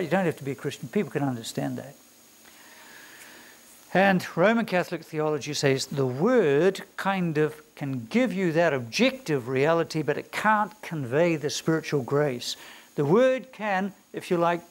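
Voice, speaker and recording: A man with a New Zealand accent teaches a classroom lecture in a slightly high voice. He is emphatic, stresses key words and keeps asking his students rhetorical questions. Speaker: theology lecturer.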